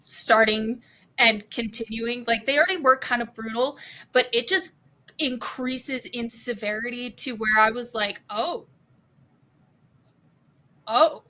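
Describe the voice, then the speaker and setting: A woman co-hosting a podcast, speaking in a gushing, emotional and expressive way. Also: on the high side, measured pace. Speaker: podcast co-host. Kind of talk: casual podcast chat.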